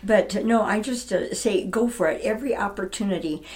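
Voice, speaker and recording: A woman's voice: mid-range voice, fairly quick, darkish tone. An older woman in her seventies, reminiscing about her stage roles in a casual interview, chatty and often laughing. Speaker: interviewee, retired stage actress.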